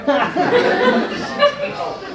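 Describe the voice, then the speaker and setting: A man's voice: very high voice, huge pitch swings, drawn-out words, background noise. A man doing stand-up comedy, telling family stories and laughing at his own jokes in front of a live crowd. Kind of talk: stand-up storytelling. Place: small comedy stage with live audience. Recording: echoey stage from a distance with crowd.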